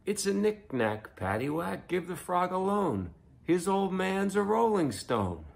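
A man's voice: high voice, big pitch swings, a little slow, vocal fry, pitched above the performer's own voice, exaggerated voice. A man voicing a breezy male bank manager who speaks in a sing-song, upbeat way.

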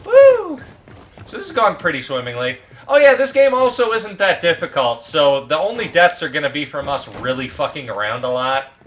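A man riffing crudely over a co-op game, his voice bright and forceful with a lively, swooping pitch and frequent shouting. The mic sounds a little dull and lo-fi, with a faint hiss underneath. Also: fairly quick. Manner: loud, crude, prone to shouting bits. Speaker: let's play host. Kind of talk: casual gameplay banter.

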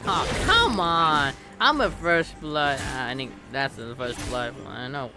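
Excitable young gamer shouting over music. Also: male voice, mid-range voice, moderate pace. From Philippines. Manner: excitable, bursts of loud exclamations. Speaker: gaming channel host. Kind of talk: live gameplay commentary. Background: game music.

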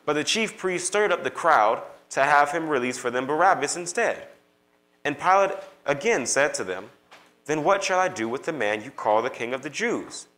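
Bright-voiced man reading scripture. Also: fairly high pitch, expressive, normal speed, low-quality recording. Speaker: scripture reader. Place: church.

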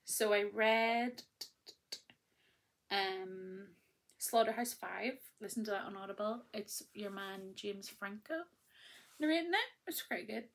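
A woman talks through her recent reading in a relaxed, chatty podcast voice, pitched in the middle of the range. She gushes easily and fills her pauses with ums. Her tone stays informal and unscripted throughout. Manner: chatty and enthusiastic, many ums and restarts. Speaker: podcast host. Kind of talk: casual chat about books.

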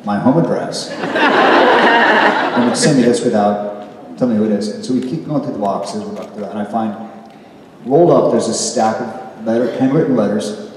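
A middle-aged man telling stories on stage at a convention panel, animated and self-deprecating, laughing often. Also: medium pitch, moderate pace, long pauses, a little hiss or hum. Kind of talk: casual storytelling on stage. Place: large convention hall. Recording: echoey hall recorded from far off.

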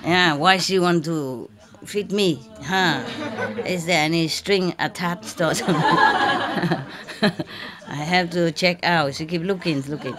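A woman's voice: fairly low pitch, a little slow, over a noisy crowd. A woman spiritual teacher telling a lighthearted anecdote in an informal lecture, joking and playfully imitating a cat's meow. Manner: playful, joking storyteller who imitates cat meows. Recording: live audience laughter behind.

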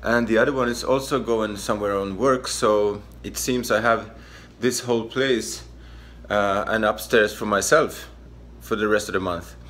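A middle-aged man from Sweden with a Swedish accent, a comedian talking casually to camera in a halting, self-deprecating way with many fillers. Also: on the low side, fairly even intonation, fairly bright tone, a little hiss or hum. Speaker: comedian vlogger. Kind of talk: casual vlog talk.

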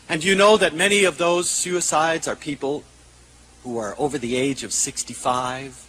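A man giving a public lecture to an audience. He tells stories in an animated way, with self-mocking humor. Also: a little high, moderate pace, a little hiss or hum, rough recording.

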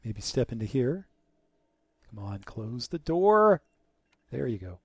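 A young man giving casual gameplay commentary, joking and sarcastic, muttering quietly during stealth moments. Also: mid-range voice, very animated, slow pace, breathy edge, dry recording, studio quality. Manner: joking, sarcastic, drops to a mutter while sneaking. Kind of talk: casual let's-play commentary.

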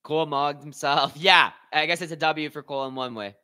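A young man hosting a live watch party, commentating on slap fights with excitable, profane banter and shoutouts to his chat. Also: fairly high pitch, brisk, clean tone. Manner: excitable, swears a lot, talks to chat. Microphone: headphones with mic.

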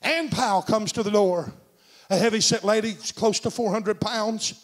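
A middle-aged man preaching a sermon in a church, telling a story and swinging from shouts to hushed tones. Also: high-pitched, moderate pace. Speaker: senior pastor. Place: church sanctuary.

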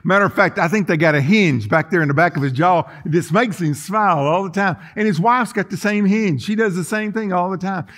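A man preaching a sermon in a church, folksy and emphatic, swinging between quiet and loud. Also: high voice, fairly quick, few pauses. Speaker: pastor. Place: church sanctuary.

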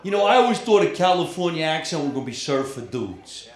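A man's voice: a little high, very animated, a little fast. Male stand-up, East Coast accent, cocky and profane, live club echo. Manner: brash, profane crowd work. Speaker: stand-up comedian. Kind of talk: stand-up comedy set. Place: comedy club stage. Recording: roomy live club sound. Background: crowd laughter.

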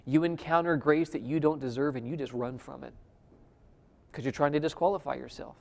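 A man preaching to a conference audience, his voice carrying through a hall with a long, lingering reverb. He swings dramatically between forceful emphasis and a hushed, almost whispered delivery. He keeps turning to the crowd with direct questions. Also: a little high, a little fast, vocal fry. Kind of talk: sermon.

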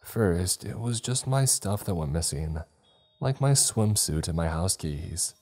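A man's voice: sits low, animated, a little slow, darkish tone, full character voice. A man voicing a young girl who wails and stammers through her upset. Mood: scared.

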